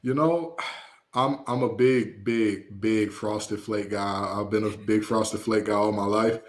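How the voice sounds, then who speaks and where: A man co-hosting a sports podcast, talking in an animated, emphatic way with playful asides. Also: on the low side, a little slow. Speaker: podcast co-host. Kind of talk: casual sports chat.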